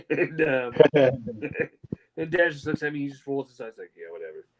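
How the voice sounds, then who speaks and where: A young man co-hosting a casual wrestling podcast, an animated storyteller who slips into mocking fake-crying voices. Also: a little high, unhurried. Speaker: podcast co-host.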